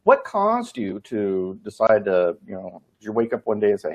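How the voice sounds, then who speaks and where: A man hosting an interview, asking halting, rambling questions. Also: lowish voice, sing-song, darkish tone. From Texas. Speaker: interview host. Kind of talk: casual interview. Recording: dull lo-fi audio.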